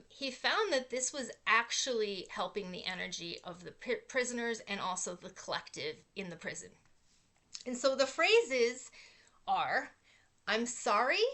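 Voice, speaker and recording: A middle-aged woman hosting a casual inspirational talk, telling a personal story earnestly, with fillers. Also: a little high. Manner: earnest storytelling with fillers, animated when acting out quotes. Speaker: host.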